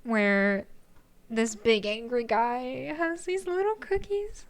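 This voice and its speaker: A woman's voice: on the high side, slow pace. A young woman streaming a game live, gushing and giggling as she reacts, with game music behind. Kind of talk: live gameplay commentary.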